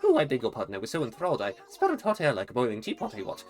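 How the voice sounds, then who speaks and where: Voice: mid-range voice, huge pitch swings, rapid-fire, a little mellow, faint music behind. A gamer voicing a fussy, chatty male owl museum curator who exclaims over fossils in a prim, old-fashioned way. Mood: delighted. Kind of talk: reading game dialogue aloud in a voice.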